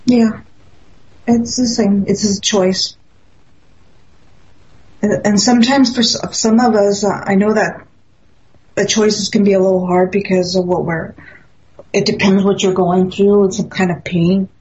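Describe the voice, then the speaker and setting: A woman's voice: mid-range voice, steady tone, a little slow, pauses often, a little mellow. A woman in casual spiritual conversation, speaking earnestly and acting out the voices in her own stories. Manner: earnest, storytelling, acts out quotes. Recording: dull lo-fi audio.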